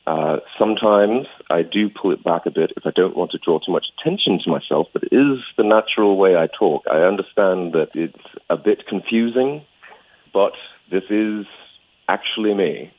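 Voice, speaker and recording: A man's voice: low-pitched, animated, moderate pace, dry recording. A man from London with an English accent, answering on the phone in a hesitant, defensive way. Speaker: caller. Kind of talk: casual phone chat. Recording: tinny phone line.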